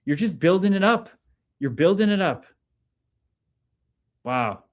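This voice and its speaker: A high-voiced man hosting a casual livestream reads chat comments aloud at a slow pace. He's loose and excitable, swearing freely and constantly hyping up his viewers.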